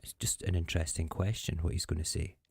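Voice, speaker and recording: A man's voice: low-pitched, steady tone, quick pace, creaky, a little mellow, breathy edge, no room sound, studio quality. A man hosting a show, chatting casually and sarcastically about politics. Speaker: host.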